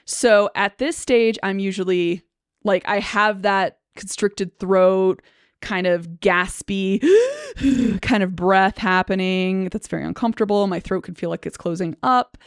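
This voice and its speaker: A woman talks through a hard personal experience with care, pausing and restarting as she searches for words. She fills the gaps with "like" and lets out small nervous laughs. Her mid-pitched voice sits close and dry, with no room sound around it. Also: fairly even intonation, smooth, no echo. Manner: reflective, halting, many fillers and restarts. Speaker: speech-language pathologist. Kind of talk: personal explanatory talk to camera.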